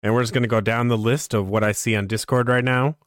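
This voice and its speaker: A man's voice: mid-range voice, fairly even intonation, fast, no echo, clean studio sound. A man co-hosting a casual video game podcast, opinionated and profane. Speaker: podcast co-host. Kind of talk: casual gaming chat.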